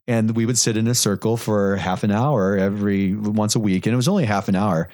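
A man's voice: fairly low pitch, steady tone, brisk, darkish tone, dry recording, studio quality. A man co-hosting a theatre podcast, talking in casual chat and often trailing off and restarting his sentences. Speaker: podcast co-host, theatre director.

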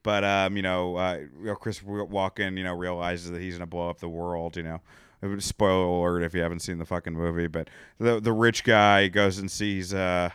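A man with a smooth, resonant voice rambles through crude podcast banter. He acts out other people's lines as he goes. The mic is close and dry. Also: sits low, little pitch movement, moderate pace, a bit bright, no echo. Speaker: podcast co-host.

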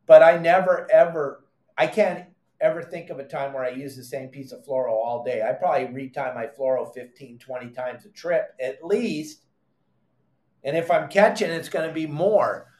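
A middle-aged man hosting a fishing podcast, explaining technique in an emphatic, animated way, repeating his commands and adding exasperated asides. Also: on the high side, normal speed. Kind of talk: animated how-to fishing talk. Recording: echoey room.

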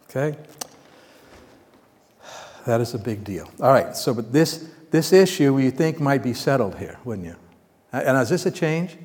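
Preacher in a reverberant hall. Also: male voice, mid-range voice, unhurried, long pauses. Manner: animated, swings between loud emphatic bursts and quiet asides; conversational, asks the congregation questions. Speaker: preacher teaching from the Bible. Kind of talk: sermon. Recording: long reverb of a large hall.

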